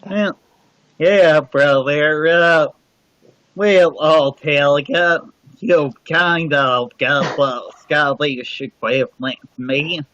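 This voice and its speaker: Laid-back guy on a livestream, talks real slow, dull dry audio. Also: a little high, steady tone, fairly bright tone, no echo. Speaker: livestream guest. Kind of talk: casual livestream chat. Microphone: computer mic on a livestream.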